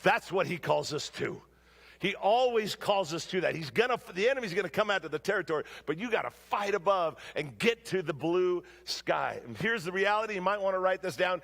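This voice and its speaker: A man preaching a storytelling sermon in a church, shouting during his stories and dropping low for his main points. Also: animated, fairly quick, creaky, long reverb tail. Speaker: guest preacher. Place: church sanctuary.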